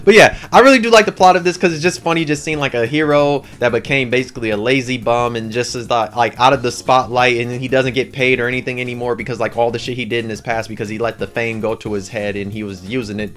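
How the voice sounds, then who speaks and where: Fast-talking, slangy man reviewing anime. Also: medium pitch. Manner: slangy, excitable, rambling storyteller. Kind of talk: casual anime commentary.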